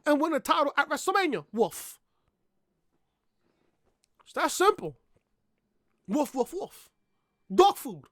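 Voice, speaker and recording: A woman's voice: sits high, sing-song, slow pace, pauses often, dry recording, studio quality. A woman reviewing a wrestling show in a blunt, profane rant, repeating herself and barking "woof" between points, on a laptop webcam mic. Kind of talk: profane ranting review vlog.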